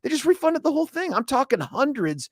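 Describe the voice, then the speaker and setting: Man, 50s, radio talk show host, studio mic, dry sound, animated storyteller. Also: very high voice, fairly quick, no echo. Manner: lively storyteller, rambling with restarts. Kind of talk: casual talk radio chat. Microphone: studio microphone.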